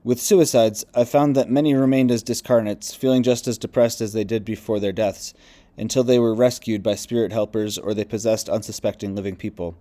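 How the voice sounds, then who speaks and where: A man reading a nonfiction book aloud in a measured, even narration. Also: on the low side. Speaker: audiobook reader.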